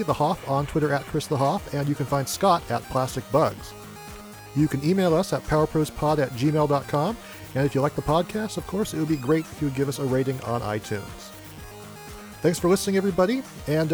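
A man's voice: fairly high pitch, a little mellow. A man hosting a casual podcast who laughs often and also reads a story aloud dramatically. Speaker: podcast host. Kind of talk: casual chat and dramatic reading.

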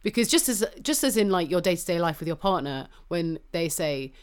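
A woman's voice: lowish voice, a little fast. Passionate, sweary woman co-host. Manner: swears freely, passionate and animated. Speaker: podcast co-host. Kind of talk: heated casual conversation.

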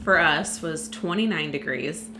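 A playful woman from California co-hosting a casual podcast chat. She tells stories with animated energy and jokes along with her co-host. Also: sits low, unhurried, vocal fry, background noise.

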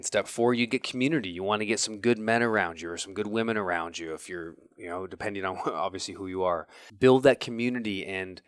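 A man's voice: fairly low pitch, a bit bright, dry recording, clean studio sound. A man hosting a podcast who talks in an earnest, coaching way, speaking straight to his listeners. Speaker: podcast host. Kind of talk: motivational podcast talk.

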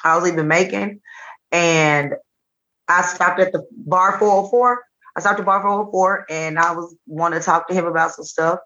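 A woman from Chattanooga, a comedian guest telling animated, jokey stories in casual chat. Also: on the low side. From Chattanooga, Tennessee. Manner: animated, jokey, rapid bursts. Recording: dull lo-fi sound.

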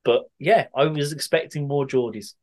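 In casual podcast chat, a West Midlands man reads listener responses, giggling, laughing and swearing a lot. He has a medium-pitched, darkish voice and speaks at a normal speed.

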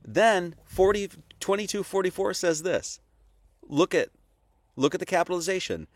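A man's voice: high-pitched, expressive, moderate pace, no room sound. A man giving a casual, conversational sermon, full of rhetorical questions and profane asides. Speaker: preacher.

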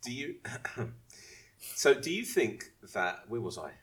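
A man's voice: mid-range voice, sing-song, slow, a bit bright. A man co-hosting a casual football podcast, rambling, restarting his questions and explaining things at length. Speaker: podcast co-host.

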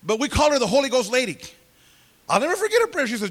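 A man with a high-pitched voice tells his testimony from the pulpit. He is animated, acting out the people he quotes and shifting between loud, pushing bursts and quieter, confiding asides. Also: rapid-fire. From California. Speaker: preacher giving testimony. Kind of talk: sermon testimony.

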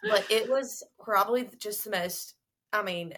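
A young woman tells her story as a guest in a relaxed podcast interview. Her telling is animated and full of giggles and laughs. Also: medium pitch, unhurried.

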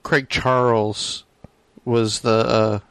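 A man co-hosting casually, laid-back and hesitant, with many pauses and fillers. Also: mid-range voice, level tone, noisy background. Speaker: co-host. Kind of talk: casual chat.

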